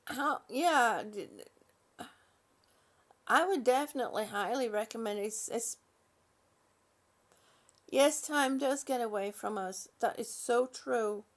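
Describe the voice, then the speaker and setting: Speaking a little high and slowly, with frequent pauses, an older woman hosts her channel's live stream. She reads viewers' comments in a warm, chatty way, often restarting and filling gaps with "um."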